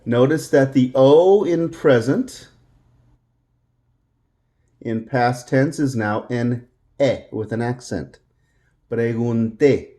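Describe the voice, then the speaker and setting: A man teaching a Spanish grammar lesson in English, patiently repeating words slowly for practice. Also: mid-range voice, dark tone. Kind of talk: classroom-style language lesson.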